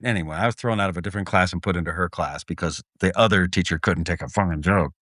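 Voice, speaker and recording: A middle-aged man co-hosting a podcast, telling stories with lively energy and swearing freely. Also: low-pitched, fast, no room sound, studio quality. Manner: lively storyteller, acts out voices, swears freely. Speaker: podcast co-host. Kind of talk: casual chat, animated storytelling.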